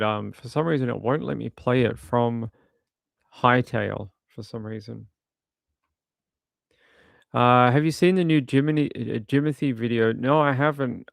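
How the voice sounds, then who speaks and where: A man's voice: mid-range voice, vocal fry, clean tone, no echo, studio quality. A man who hosts a true crime stream, rambling and indignant as he comments on videos. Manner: rambling and indignant, with frequent restarts. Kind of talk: casual commentary while watching videos.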